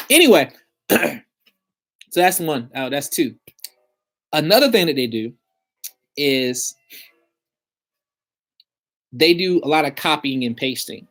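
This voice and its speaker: A man with a somewhat high-pitched voice talks straight to the camera in a casual advice vlog. He is blunt and streetwise, with plenty of slang, and sounds like someone explaining credit repair from his own experience. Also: fairly bright tone.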